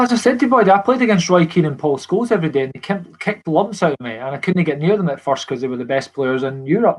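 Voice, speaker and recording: Fast-talking Scottish man, earnest. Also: on the high side, husky. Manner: quick, earnest storytelling with many restarts. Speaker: guest, former footballer. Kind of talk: casual podcast chat.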